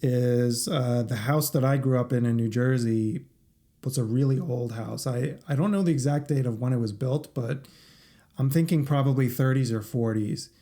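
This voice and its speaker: A man on a podcast panel who starts a story hesitantly, with many pauses and fillers. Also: mid-range voice, warm tone. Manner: hesitant, many uhs and ums. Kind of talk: casual storytelling.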